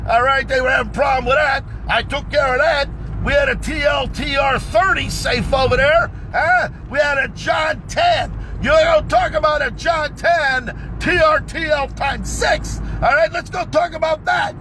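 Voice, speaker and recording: A loud, swaggering man rants off the cuff, boasting and hollering, his voice sitting very high. He keeps throwing in whoops and shouts, brash and sure of himself, with faint noise behind him. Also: moderate pace, few pauses. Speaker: locksmith. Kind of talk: unscripted live rant.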